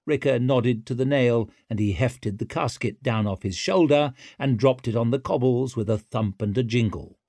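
A man narrating an audiobook in a wry, expressive storytelling manner. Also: medium pitch, moderate pace, hardly any pauses, dry recording, clean studio sound.

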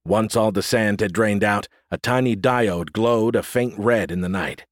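Low-voiced man narrating an audiobook. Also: unhurried, hardly any pauses, dry recording, studio quality. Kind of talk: scripted narration.

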